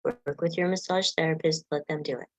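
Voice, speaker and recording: Low-voiced woman guiding a meditation. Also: steady tone, no echo, highs cut off. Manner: gentle, unhurried coaching with soft affirmations; leads yawning and stretching exercises. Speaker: meditation guide. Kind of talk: guided meditation.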